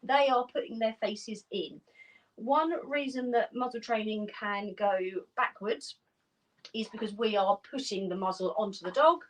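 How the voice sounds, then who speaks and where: A woman, a dog trainer explaining steps clearly and practically in an instructional video. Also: measured pace, far from the mic, rough recording. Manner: clear, practical explaining, breaks into high praise for the dogs.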